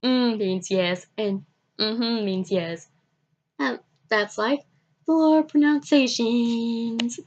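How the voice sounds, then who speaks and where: A woman vlogging, telling a personal story in a halting, repetitive way and often restarting her sentences. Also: a little high, darkish tone, lo-fi sound.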